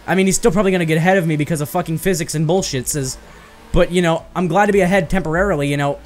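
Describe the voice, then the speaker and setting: A young man giving casual, profane let's-play commentary with loud outbursts and fast rambling. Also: sits high, faint music behind. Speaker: gaming YouTuber.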